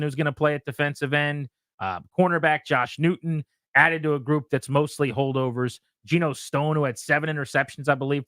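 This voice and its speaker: Man, sports radio host, bright forceful tone, dry studio sound, methodical rundown of picks. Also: on the high side, no room sound. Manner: methodical, lists players and picks.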